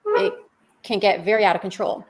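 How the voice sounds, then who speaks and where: Woman, podcast co-host, reflective, explains with rhetorical questions, mid-pitched. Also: sing-song, a little fast, slight background noise. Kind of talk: conversational faith podcast talk. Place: podcast studio.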